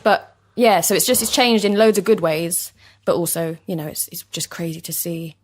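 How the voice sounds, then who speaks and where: This fairly low-pitched voice belongs to a young woman from East London, England, who has an East London accent. An actor guest in a casual interview in a basement studio, she is chatty and agreeable and laughs easily.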